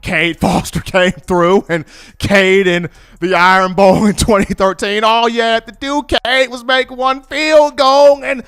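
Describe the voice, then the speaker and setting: Animated man on college football. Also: high voice, smooth. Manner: animated storyteller, colloquial. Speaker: sports commentator. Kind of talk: casual sports commentary.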